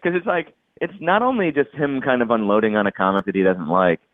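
A man's voice: mid-range voice, fairly quick, dry recording. A man chatting casually on a podcast, rambling with lots of restarts and "like"s. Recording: dry, tinny phone-like line.

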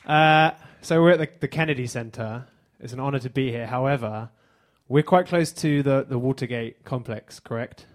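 An English man performing stand-up on a theater stage, his voice pitched at an ordinary middle level. He delivers his lines in a dry, deadpan way and lets each joke land flat. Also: normal speed, hardly any pauses. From England. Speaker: stand-up comedian. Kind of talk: stand-up comedy set.

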